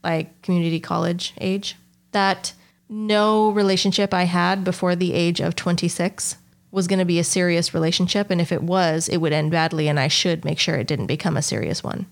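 A woman's voice: fairly low pitch, fairly even intonation, moderate pace, vocal fry. A woman in her thirties, co-hosting a podcast, tells a rambling story with lots of fillers and casual swearing. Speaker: podcast co-host.

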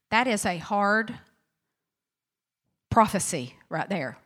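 A woman pastor delivers a sermon in a lively, conversational manner. She reads scripture and acts out the people in it. Her voice sits a little high and sounds bright and forceful. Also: normal speed. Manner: animated, conversational preaching with acted-out quotes.

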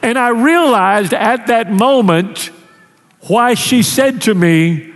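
A man's voice: extremely high pitch, expressive, slow pace, long reverb tail. A male pastor, preaching a sermon in a conversational way, often restarting his sentences. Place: church sanctuary.

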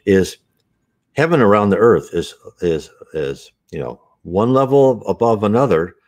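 A man's voice: lowish voice, expressive, unhurried, a little mellow. A man hosting an unscripted spiritual talk, earnest and rambling, with frequent restarts and asides.

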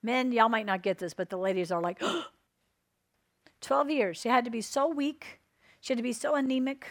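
A woman's voice: on the high side, quick pace. A woman preaching a sermon, emphatic and repeating her points while asking the crowd for an "Amen".

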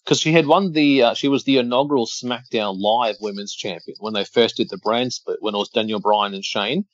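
A man's voice: fairly low pitch, a little fast, muffled recording. A man co-hosting a podcast, chatting casually and calling the action as he watches along. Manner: chatty, running play-by-play with laughs. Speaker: podcast co-host.

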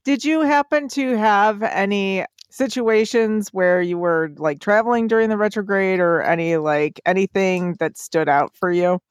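A woman's voice: mid-range voice, normal speed, hardly any pauses, no room sound. Giggly woman podcast host, dry sound. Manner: giggly, playful, stumbles over words. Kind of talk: casual chat.

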